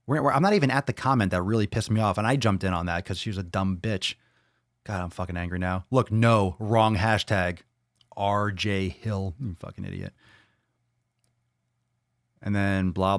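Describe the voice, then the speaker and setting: A man hosting a podcast, ranting angrily and mockingly with lots of swearing, jumping loud and high for emphasis. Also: dry recording, studio quality. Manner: profane, angry, mocking. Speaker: podcast host. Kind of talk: ranting solo commentary.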